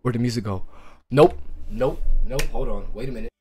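A young man with a hoarse, sore throat, talking to his chat through a cheap USB mic at home as he plays a horror game, jumpy and cursing at the scares. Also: mid-range voice, brisk, over music. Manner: jumpy, talks to himself and chat, yelps and cusses at scares. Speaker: gaming streamer. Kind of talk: horror game let's play commentary.

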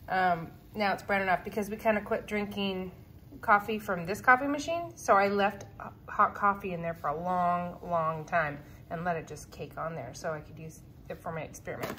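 A woman's voice: fairly low pitch, fairly bright tone, a little hiss or hum. A woman vlogging at home in her kitchen, chatting casually and rambling with lots of fillers as she cleans. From California, USA.

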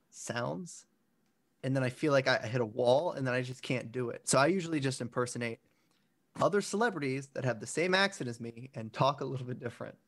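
A young man in casual podcast conversation, telling stories about himself with a rambling, self-deprecating manner. His pitch sits in the middle range for a man, and he keeps circling back and restarting his sentences. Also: a bit bright. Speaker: podcast co-host. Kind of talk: casual chat.

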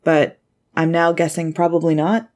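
A woman's voice: deep voice, moderate pace, close to an everyday voice. A woman voicing an easygoing teen surfer boy. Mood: friendly. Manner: relaxed, chatty. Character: friendly teenage male surfer, easygoing.

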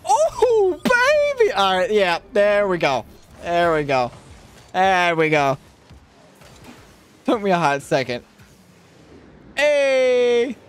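A young man streaming a car-soccer game, joking and trash-talking, then shouting and squealing at big plays. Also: high voice, measured pace, pauses often, slight background noise. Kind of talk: live gaming commentary.

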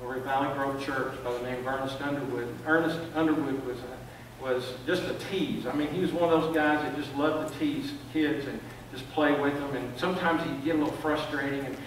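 A man's voice: medium pitch, fairly even intonation, a little fast, slight background noise. An older man preaching a sermon in a church, telling stories and often repeating words as he builds a point. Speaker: pastor. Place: church sanctuary. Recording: echoey church from far off.

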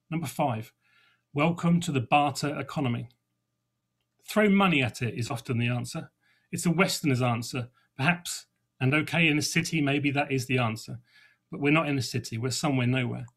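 Husky-voiced Englishman with dry humour. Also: mid-range voice, a bit bright. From England. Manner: conversational, with small restarts and dry humour. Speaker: podcast host. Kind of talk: reflective first-person talk.

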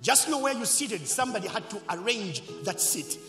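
A man preaching a sermon as pastor, leading call-and-response and swinging between loud shouts and quiet asides. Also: sits high, very animated, normal speed, music in the background. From Zambia. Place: church hall. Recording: echoey church hall.

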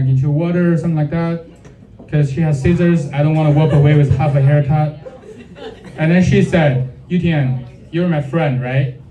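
A man's voice: fairly high pitch, mellow. A male stand-up comedian who tells crude jokes with punchlines and teases the crowd. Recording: echoey room, mic off at a distance.

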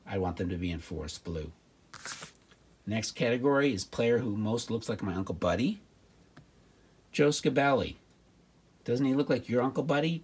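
A man's voice: fairly low pitch, creaky, husky. A man giving wry, mock-concerned comic commentary on old football trading cards. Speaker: card collector and host.

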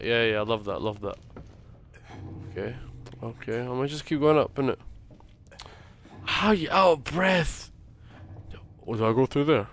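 Young man, jumpy horror playthrough, swearing, nervous muttering, middle-pitched voice. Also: fairly bright tone. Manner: jumpy, swearing, muttering prayers under his breath. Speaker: gaming streamer. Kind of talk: horror game commentary.

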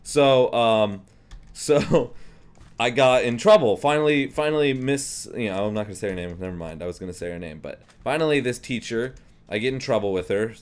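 A man's voice: mid-range voice, lively intonation, normal speed. A young man casually commenting on a video game, rambling and jokey with frequent restarts. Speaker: gameplay commentator.

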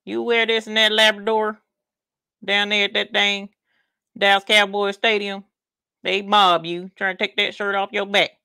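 A woman's voice: medium pitch, flat delivery, normal speed, gravelly, pushed and bright, smooth, no echo, clean studio sound. A woman with a Southern US country accent, chatting folksily while hosting a craft livestream. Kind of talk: casual livestream chat.

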